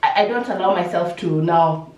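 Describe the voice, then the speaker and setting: A woman's voice: fairly low pitch, moderate pace, a little mellow. A woman in casual group chat, reflecting on how she copes with hard times. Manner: reflective, talks through her own coping habits. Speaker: podcast co-host. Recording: echoey room, mic at a distance.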